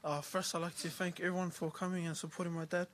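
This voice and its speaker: Flat-voiced young man, hesitant eulogy. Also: sits high, a little hiss or hum. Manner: hesitant, with frequent pauses and filler sounds. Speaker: son giving a eulogy. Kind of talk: eulogy at a family funeral service. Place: funeral home chapel.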